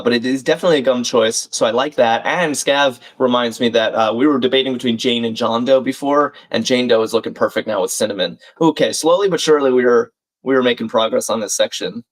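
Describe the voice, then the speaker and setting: Speaking fast at a medium pitch, a male livestream host solves a crossword live. He voices his reasoning, reads out clues and names from chat, and chats amiably with viewers.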